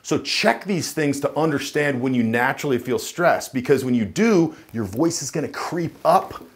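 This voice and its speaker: An animated dating and voice coach with a lively pitch gives an instructional talk straight to camera at a moderate pace. He speaks emphatically, now and then dropping into a deep chest voice to show the difference.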